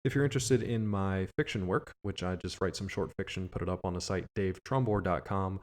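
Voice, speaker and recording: Running through plugs and sign-offs with easy humor, this chatty male podcast co-host keeps the talk casual. He speaks low and fairly quickly.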